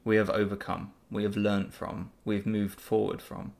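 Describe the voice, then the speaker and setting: Man, low gravelly voice, casual live Q&A chat, upbeat and rambling, lots of fillers. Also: little pitch movement, normal speed, darkish tone. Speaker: channel host answering viewer questions.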